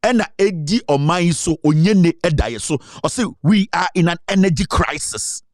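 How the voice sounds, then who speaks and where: Emphatic high-voiced Ghanaian man. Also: expressive, normal speed, dry recording, studio quality. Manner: emphatic, code-switching, reads out quotes. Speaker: political commentator. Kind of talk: political commentary.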